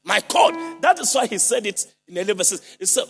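A man preaching a sermon with fervor, leading the congregation in responses and breaking into shouted and sung phrases. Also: sits high, big pitch swings, normal speed, vocal fry, husky, faint music behind.

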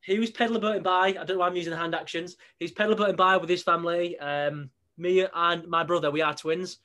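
Man, podcast host, fairly high voice, rapid pace, laughs a lot, casual. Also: fairly even intonation, pushed and bright. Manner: quick storyteller, laughs often, sweary.

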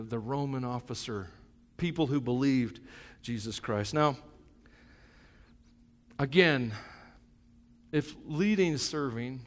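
A middle-aged male pastor preaching a sermon, moving between soft, reflective asides and loud, fervent stretches. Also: mid-range voice, long reverb tail.

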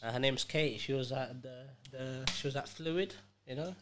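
A man co-hosting a podcast in casual banter, playful and halting, with many fillers and repeated words. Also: medium pitch, noisy background. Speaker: podcast co-host.

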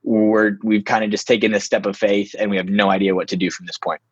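A young man telling a story in a casual, animated way, full of "like" and restarts. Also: lowish voice, quick pace, breathy edge, dry recording, muffled recording. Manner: animated, filler-heavy, lots of "like".

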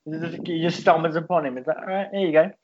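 Sweary man with a higher voice. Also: fast talker, a little hiss or hum. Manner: swears freely, mocking, quotes characters. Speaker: podcast co-host. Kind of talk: casual movie review chat. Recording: dull lo-fi recording.

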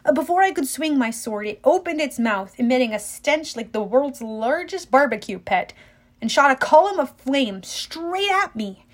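A woman reads an adventure novel aloud in the first person with lively, dramatic storytelling. Her voice sits a little high for a woman. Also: normal speed. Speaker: audiobook reader.

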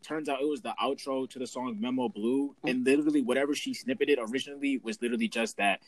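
A young man co-hosting a casual podcast, loud and joking, giving quick reactions and talking about music. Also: mid-range voice, steady tone, no room sound. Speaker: podcast co-host. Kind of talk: casual chat.

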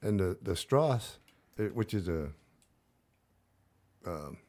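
Man, Southern accent, from North Carolina, fairly low voice, rambling, filler-heavy, casual podcast talk. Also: animated, takes it slowly, a little mellow. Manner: rambling storyteller, many fillers and restarts. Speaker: podcast guest, army veteran.

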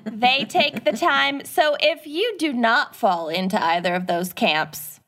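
A woman's voice: on the high side, slow, a bit bright. A woman co-hosting a podcast in casual chat with friends, playful and laughing often. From Minnesota. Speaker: podcast co-host.

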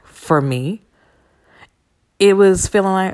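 A woman with a low, gravelly voice talks straight into her podcast mic. She rambles in a loose, casual way, swearing freely while urging her listeners on. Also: moderate pace. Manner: rambling, profane and encouraging. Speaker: podcast host. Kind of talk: casual motivational monologue. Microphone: podcast microphone.

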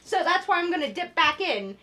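A woman's voice: very high voice, big pitch swings, fairly quick, bright, forceful tone. A woman co-hosting a podcast in casual chat, laughing and swearing freely as she talks. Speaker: podcast co-host.

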